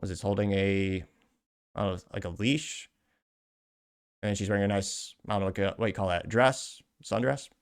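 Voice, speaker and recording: A man with a fairly low voice hosts a podcast and reads social media posts aloud. He keeps breaking off into sarcastic, rambling asides. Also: normal speed, pauses often, smooth. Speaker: podcast host. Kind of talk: casual commentary reading social media posts.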